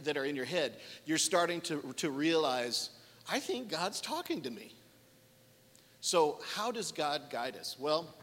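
Guy giving a chatty sermon, kinda high voice, big echoey hall. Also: a bit bright. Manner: conversational, acts out inner voices. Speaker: preacher.

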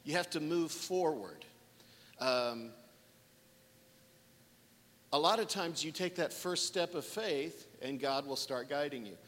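A man's voice: on the high side, slow, long pauses, fairly bright tone, long reverb tail. A man preaching a sermon in a conversational way, acting out the voices people hear in their heads. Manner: conversational, acts out inner voices.

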